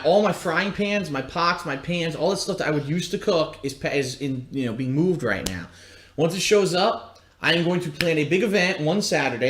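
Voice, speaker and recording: A man's voice: fairly high pitch, fairly bright tone. A man streaming live, chatting in a loose, rambling way and teasing someone off mic. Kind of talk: casual live-stream chat. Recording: roomy archived stream audio.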